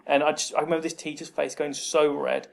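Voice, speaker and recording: Gravelly guy rambling through stories. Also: a little high, flat delivery, fast. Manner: rambling storyteller, acts out quoted people. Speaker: podcast co-host. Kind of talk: casual chat. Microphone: remote call mic.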